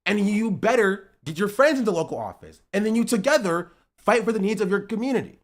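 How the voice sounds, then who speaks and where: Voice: mid-range voice, big pitch swings, brisk. A streamer ranting at their live chat, lecturing in short repeated punchy phrases and swearing freely. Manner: lecturing, repetitive, profane, punchy. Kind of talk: heated livestream rant at chat.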